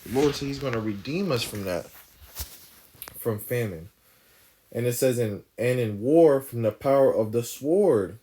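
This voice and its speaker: A man's voice: mid-range voice, expressive, unhurried, warm tone, breathy edge. A man giving informal bible teaching, reading verses aloud and explaining them emphatically, often tagging his points with "right?". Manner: emphatic, keeps asking "right?" after each point. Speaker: scripture teacher.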